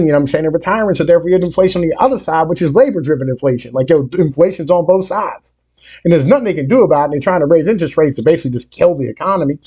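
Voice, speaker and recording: A man's voice: on the high side, slightly rough, dull audio. A man hosting a music reaction video, talking in a profane, rambling rant full of fillers. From Appalachia. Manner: profane, rambling, full of fillers like "you know what I mean"; grows heated and louder as he rants.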